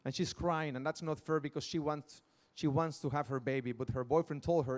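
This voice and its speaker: A man's voice: a little high, fairly even intonation, a little fast, a little mellow. A middle-aged man with a Mexican Spanish accent, giving an earnest personal testimony on stage and acting out the voices in his story. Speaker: speaker. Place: large outdoor event stage.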